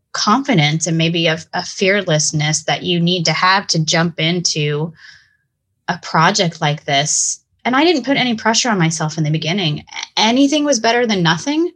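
A woman's voice: fairly low pitch, a bit bright. Talkative, hyper woman. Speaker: guest. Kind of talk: storytelling in a conversation.

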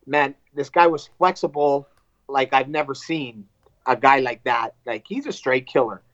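A man, a fighter, telling a fight story in casual chat, animated and profane, acting out what people said. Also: mid-range voice, unhurried, no echo, muffled recording. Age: adult with wife and two kids. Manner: animated, profane, acts out quotes.

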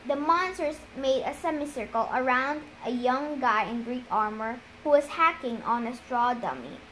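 A woman reading a novel aloud in a steady, deliberate storytelling manner. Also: high-pitched, slight background noise, low-quality recording. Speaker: reader. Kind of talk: audiobook-style reading of a novel.

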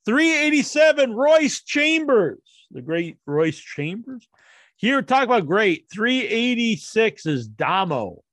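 A man's voice: high voice, sing-song, slow, a bit bright, dry recording, clean studio sound. A man hosting his own show, counting down a ranking with jokey, rambling, crude asides. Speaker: host counting down a wrestler ranking. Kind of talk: casual solo commentary.

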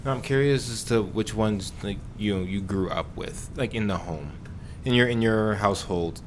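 Podcast host, man, slightly low voice, easygoing and teasing. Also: moderate pace, a little hiss or hum. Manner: easygoing, teasing, many short backchannels. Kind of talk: casual podcast interview.

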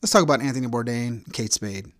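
A man's voice: mid-range voice, quick pace, no room sound, studio quality. A man hosting his own podcast, talking through a blunt, profane, provocative solo rant. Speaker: podcast host.

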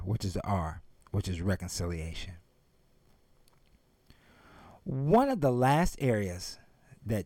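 A man's voice: fairly low pitch, a little mellow, no room sound. A man giving a motivational speech and retelling a story, emphatic and speaking straight to his audience. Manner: emphatic, addresses the audience directly.

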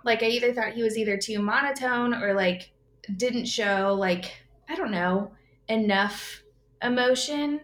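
A woman's voice: a little high, a little slow, a bit bright, reverberant. A woman guest in a casual movie discussion, rambling and hedging as she talks. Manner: rambling, hedging with "like" and "I don't know". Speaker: podcast guest.

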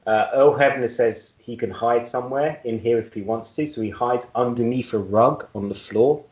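A man's voice: mid-range voice, normal speed, darkish tone. A man co-hosting a podcast in casual chat, joking and laughing at his own jokes. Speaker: podcast co-host. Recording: roomy, dull-sounding audio.

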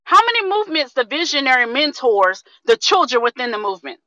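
A woman in her thirties giving an energetic, preachy testimony on a group video call, repeating herself for rhythm and calling her listeners family. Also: high voice, a little fast, lo-fi sound. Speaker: community member sharing testimony.

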